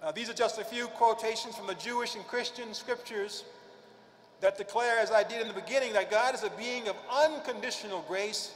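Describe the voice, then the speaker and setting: A man giving a prepared religious speech at a convention, speaking emphatically and slowing down to stress key phrases. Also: sits high, a bit bright, a little hiss or hum. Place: large convention hall. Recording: echoey hall with long reverb.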